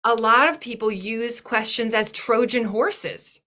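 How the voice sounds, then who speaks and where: A woman's voice: fairly high pitch, measured pace, bright, forceful tone. A woman giving a thoughtful, earnest talk in a webinar, often restarting her phrases as she works through an idea. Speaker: webinar guest speaker.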